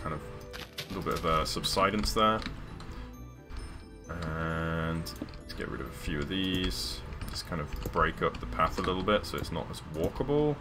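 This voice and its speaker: Deep-voiced man rambling on a stream. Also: lively intonation, moderate pace. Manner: rambling, hesitant, many fillers and restarts. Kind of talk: casual live-stream chat while gaming. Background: background music.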